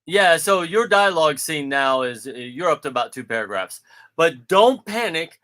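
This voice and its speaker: A man's voice: on the high side, normal speed. A man chatting casually, teasing and joking, often acting out what people said. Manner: joking, teasing, self-mocking; quotes people in animated voices. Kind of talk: casual chat.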